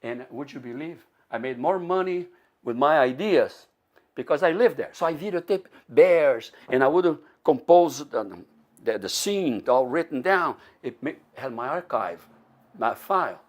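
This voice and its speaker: An older man from Brazil telling a personal story in English, animated and rambling, with frequent laughs and many restarts. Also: on the high side, a little slow. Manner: animated, acts out quoted voices, laughs often.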